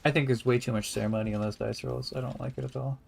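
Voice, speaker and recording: A man's voice: medium pitch, fairly even intonation, fast talker, creaky, darkish tone. A man giving casual, rambling let's-play commentary, thinking aloud in a wry tone. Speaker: gameplay streamer.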